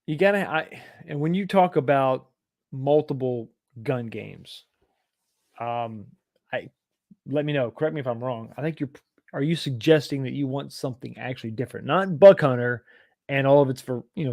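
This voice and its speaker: A man's voice: medium pitch, animated, normal speed, vocal fry, dry recording, studio quality. A man from East Texas, hosting a casual livestream and rambling as he reads viewer comments aloud and answers them. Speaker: livestream host.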